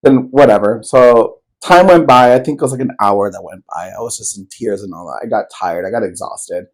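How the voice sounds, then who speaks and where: A man's voice: lowish voice, a little fast, low-quality recording. A man co-hosting a podcast, telling a personal story in loose, rambling casual chat, full of fillers and swearing. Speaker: podcast co-host.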